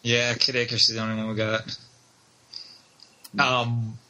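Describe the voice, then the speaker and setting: A man co-hosting a casual podcast about video games, animated and swearing freely as he laughs along. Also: medium pitch, normal speed. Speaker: podcast co-host.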